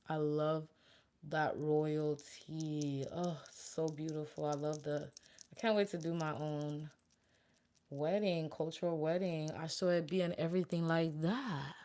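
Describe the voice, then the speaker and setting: A young woman chatting casually with her viewers while doing her makeup. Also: sits low. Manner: chatty, animated, talks to viewers and chat. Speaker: beauty vlogger and makeup artist.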